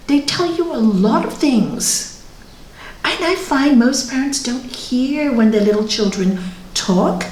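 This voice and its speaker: A middle-aged woman, a yoga teacher, giving a reflective spiritual talk with readings, laughing softly between points. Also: a little high, far from the mic. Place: yoga centre hall. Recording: roomy, from off the mic.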